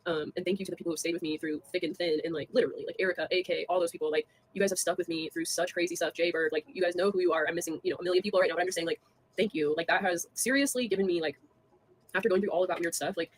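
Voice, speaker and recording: A young woman on a casual livestream, talking fast with lots of fillers, scornful and laughing between jabs at people. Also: fairly low pitch, slight background noise.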